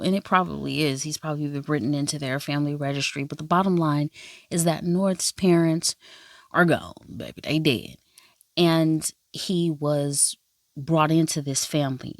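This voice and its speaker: A woman's voice: deep voice, darkish tone, no echo, clean studio sound. A woman recapping a drama episode in casual chat, sassy and slangy, acting out the characters' lines. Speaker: drama reviewer.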